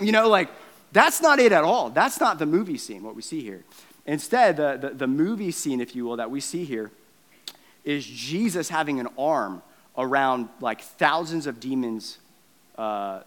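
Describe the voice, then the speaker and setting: A man preaching a sermon in a casual, animated way, with conversational asides and acted-out quotes. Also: big-room sound. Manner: acts out quotes and switches between loud punches and low, quiet stretches. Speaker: pastor.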